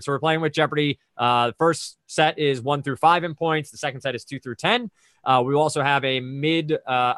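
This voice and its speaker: A man's voice: on the high side, a bit bright, no room sound, studio quality. A man hosting a trivia quiz over a video call, explaining the rules and reading clues in a conversational, methodical way with chatty asides.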